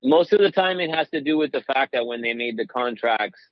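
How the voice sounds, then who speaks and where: A man's voice: medium pitch, expressive, fairly quick, no room sound. A chatty man talks casually about running a drive-in, full of "like" and "dude". The sound is a bit dull and dry, with no room around it. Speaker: drive-in theater programmer. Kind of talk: casual chat.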